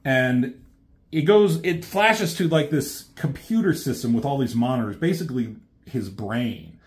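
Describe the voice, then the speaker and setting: A man's voice: mid-range voice, measured pace. Rambling, offhand man retelling a cartoon. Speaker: reviewer. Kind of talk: casual plot retelling.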